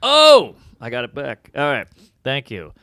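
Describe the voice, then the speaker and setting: A man, a comedian chatting as an interview guest, jokey and animated with big jumps in pitch for emphasis. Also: unhurried, no echo. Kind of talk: casual interview chat.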